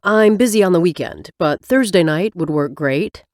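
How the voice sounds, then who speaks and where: A woman narrator voicing a cocky, sarcastic young doctor in her own lower register. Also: animated, normal speed, a little mellow, no room sound, natural voice. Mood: teasing. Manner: dry, teasing delivery.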